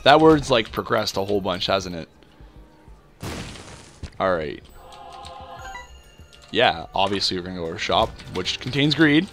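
A man's voice: sits low, big pitch swings, a little slow, pauses often, a bit bright, faint music behind. A young man from Canada rambling through casual gameplay commentary, full of fillers and self-deprecating asides. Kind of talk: casual let's-play commentary.

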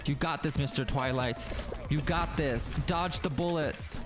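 A young adult streamer giving live gameplay commentary, excitable, swearing and shrieking often, laughing and taunting teammates. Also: medium pitch, measured pace. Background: game music.

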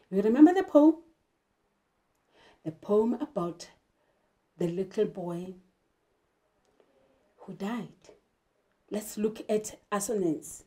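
A woman's voice: mid-range voice, animated, takes it slowly, pauses often, mellow. A woman teacher from South Africa giving an English literature lesson, emphatic and asking rhetorical questions. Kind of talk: classroom lesson.

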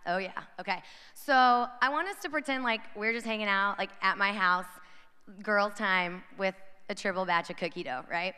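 A woman's voice: mid-range voice, normal speed, pushed and bright, clean tone. A woman in her thirties giving a playful, chatty conference talk to a crowd of young women and acting out their voices. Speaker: conference speaker. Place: large hall with audience. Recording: reverberant hall.

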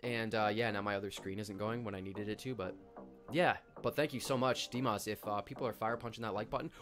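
A young man from Canada hosting a live stream, chatting excitedly in slang and greeting viewers by name. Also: lowish voice, fairly quick, soft background music. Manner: hyped, slangy, shouts out chat viewers by name. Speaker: livestream host. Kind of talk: casual live stream chat.

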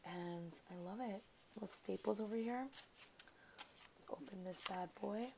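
Woman, casual gushing unboxing chat, some vocal fry, faint background noise. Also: medium pitch, measured pace. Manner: gushing, chatty, talks to the sender as "girl". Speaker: crafting vlogger.

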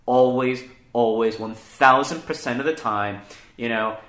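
Recorded in a room with noticeable echo, this comedian podcast host talks at a measured pace in a medium, slightly bright voice. His casual chat is profane and lively, full of mocking impressions of how others sound.

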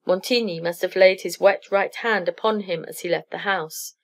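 A woman narrating a classic story aloud in a steady, clear reading for English learners. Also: fairly low pitch, moderate pace.

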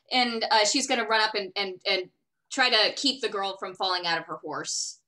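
A woman playing in a tabletop game, describing her character in a halting way with many fillers. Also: medium pitch, bright, forceful tone, poor audio. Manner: hesitant, lots of fillers. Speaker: player. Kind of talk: casual game chat.

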